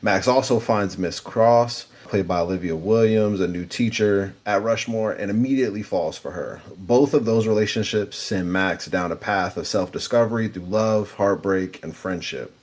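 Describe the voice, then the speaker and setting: A man co-hosting a film podcast, reading a prepared synopsis in a measured way before giving his casual opinion. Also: lowish voice. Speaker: podcast co-host.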